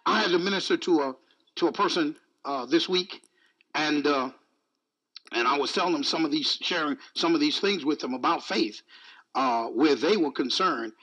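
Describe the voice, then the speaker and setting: A man's voice: on the high side, moderate pace, fairly bright tone, rough recording. A male preacher giving an emphatic, repetitive sermon, mixing in jokes.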